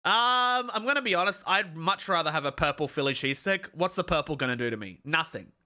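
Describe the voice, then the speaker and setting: A young male streamer whose voice sits a touch high and rings with a very bright, cutting tone. He talks loosely to his chat, swears freely and launches into mock-heroic rants. It sounds close and direct, like a desk microphone at home. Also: animated, fairly quick, few pauses. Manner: ranting, profane, mock-heroic outbursts. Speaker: livestreamer. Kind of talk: casual live-stream chat.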